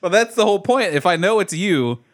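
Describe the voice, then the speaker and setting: A man's voice: sits high, lively intonation, a little fast. A man co-hosting a casual chat, teasing and laughing often.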